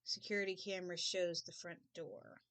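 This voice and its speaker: A woman's voice: fairly low pitch, flat delivery, moderate pace, a bit bright. A woman playing a game and commenting casually, thinking aloud as she reads the screen. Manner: casual, thinking aloud while reading dialogue. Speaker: game player. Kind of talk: let's play commentary. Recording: game music playing underneath.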